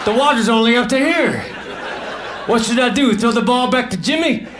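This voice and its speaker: Man putting on a flustered commercial actor, whiny, exasperated, high-pitched, noisy live recording. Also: animated, normal speed, crowd noise. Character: flustered adult actor in a cheap pool commercial.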